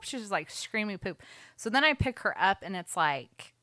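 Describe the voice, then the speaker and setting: A woman's voice: medium pitch, expressive, moderate pace, a bit bright, no room sound, clean studio sound. A young woman telling a story in casual podcast chat, full of "like"s. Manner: chatty storytelling with many "like"s.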